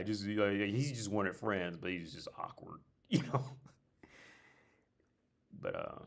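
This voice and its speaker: A man with a very deep voice chats casually on a livestream, drifting from story to story. He restarts his sentences often and drops blunt, profane asides. He sounds like a young adult from North America. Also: expressive, unhurried, creaky, long pauses. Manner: rambling, digressive storytelling with frequent restarts. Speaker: livestream host. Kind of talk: casual chat.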